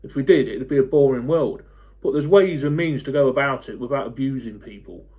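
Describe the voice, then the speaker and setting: A man in his forties, talking to camera in a blunt, fed-up rant, swearing freely and pausing on lots of ums. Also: medium pitch, narrow, tinny audio. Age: 40s. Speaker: football fan YouTuber.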